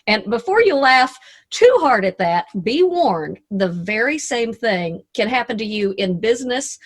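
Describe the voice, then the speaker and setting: Middle-aged southern lady, radio dj giving a folksy pep talk on a video call, a bit high voiced, playful asides. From Arkansas, USA. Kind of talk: lively motivational presentation.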